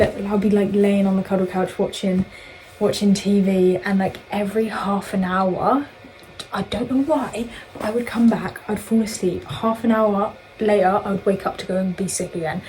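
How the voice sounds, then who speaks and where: Young girl rambling through a storytime, lots of likes and restarts, medium pitch. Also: a little mellow, rough recording. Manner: chatty, rambling, self-interrupting with many fillers. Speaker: vlogger. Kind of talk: casual storytime while getting ready.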